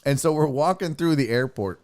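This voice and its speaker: A man's voice: a little high, fairly quick. A young man hosting a podcast, telling a story casually, swearing and laughing often. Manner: profane, animated, laughs often. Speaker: podcast host.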